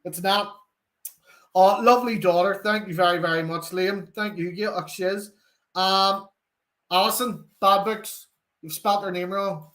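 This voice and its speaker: A man's voice: high-pitched, fairly even intonation, unhurried, a bit bright. A young man with a Northern Irish accent, hosting a live football watchalong, chatting animatedly and reading out viewer comments. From Northern Ireland. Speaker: fan channel host.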